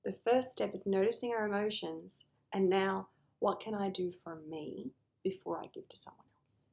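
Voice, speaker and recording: A woman's voice: mid-range voice, moderate pace, creaky, a little mellow. A woman therapist talking earnestly to camera about noticing emotions, sometimes acting out conversations with clients.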